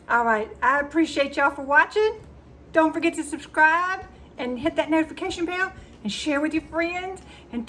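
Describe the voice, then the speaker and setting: A woman from the Southern United States, high-pitched with a fairly bright tone, hosts a cooking channel. Her casual talk to camera is chatty and emotional, and "y'all" comes up a lot.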